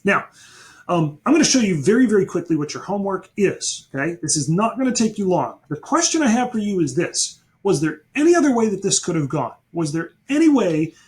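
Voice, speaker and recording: A male teacher giving a history lesson in a lively, storytelling way. His voice sits a little high and rises and falls widely as he talks. He turns to the class with quick asides.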